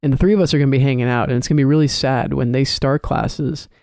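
A young man in his early twenties co-hosts a podcast in an easygoing, chatty way, sometimes stumbling over his first words. His voice has a gravelly edge and a warm, mellow tone. The sound is close and dry, with no room behind it. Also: medium pitch, quick pace, no room sound. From Chicago area. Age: early 20s. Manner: relaxed, repeats words when starting sentences. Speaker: podcast co-host. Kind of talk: casual chat.

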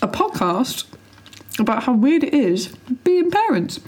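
Giggly woman with a lively, high voice. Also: measured pace, a little hiss or hum. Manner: giggly, playful. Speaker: podcast co-host. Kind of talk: casual chat. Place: home living room. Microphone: podcast microphone.

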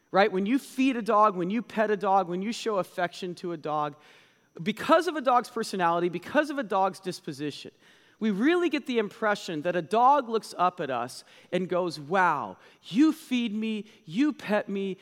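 A man preaching a sermon as pastor, talking in an animated way and repeating phrases for emphasis. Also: high voice, in a large hall.

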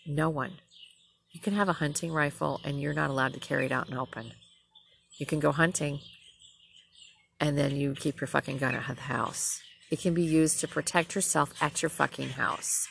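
A woman's voice: low-pitched, creaky, a bit bright, a little hiss or hum. A middle-aged woman, a nurse, bluntly ranting and telling a story in a profane personal vlog.

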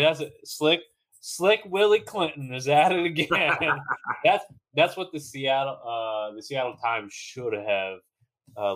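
A man's voice: mid-range voice, fairly bright tone. A man co-hosting a podcast in casual chat, laughing often, swearing freely and restarting his sentences. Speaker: podcast co-host.

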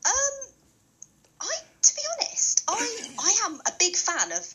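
A woman's voice: extremely high pitch, huge pitch swings, unhurried, bright, forceful tone, low-quality recording. A woman from England with a London accent, a podcast guest who giggles often and hesitates with fillers. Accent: British, London. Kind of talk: casual podcast chat.

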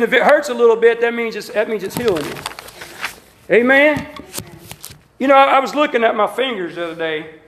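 A Southern-accented man preaches in a church, his voice pitched unusually high as he swings into shouted calls to the congregation. The sound carries a roomy echo from the sanctuary around him. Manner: fervent preaching, rising to shouts and calling out to the congregation. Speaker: pastor. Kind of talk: sermon.

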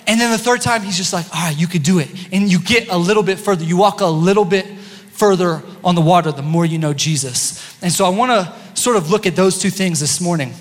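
A man preaching a sermon as pastor, lively and joking with his congregation. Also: sits high, fast talker. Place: church sanctuary. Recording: long church-hall reverb.

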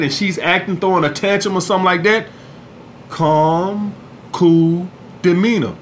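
A man's voice: sits high, fairly bright tone, a little hiss or hum. A man hosting a podcast in a casual, profane monologue, peppering his talk with "all right?". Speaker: podcast host.

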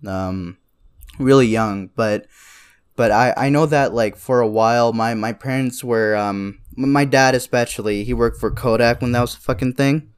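A man's voice: mid-range voice, normal speed, smooth. Laid-back young man, swearing and rambling. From immigrated to Canada young. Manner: profane, rambling, laughs often. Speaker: podcast co-host. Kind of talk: casual late-night chat.

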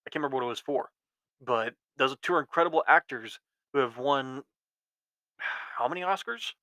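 A young man in his twenties talks through the news as a podcast host, rambling and restarting his sentences often. His voice is bright and forceful, recorded dry and close with no room sound. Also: medium pitch, a little fast, no room sound, low-quality recording. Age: 20s. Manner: rambling, many restarts and ums. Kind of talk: casual commentary.

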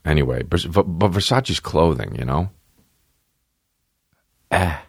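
Deep voiced guy in his 30s ranting on his podcast, swears a ton, voice swings all over, super dry close sound. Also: takes it slowly, vocal fry, breathy edge, no room sound. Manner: profane, animated, rambling with many restarts. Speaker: podcast host. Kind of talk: casual rambling podcast monologue. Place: at home, dogs nearby. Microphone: podcast microphone.

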